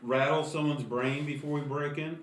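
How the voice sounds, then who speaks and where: A man chatting casually as a player in a tabletop game, halting and repeating himself. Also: fairly high pitch, fairly even intonation, far from the mic. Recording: echoey room with the speaker away from the mic.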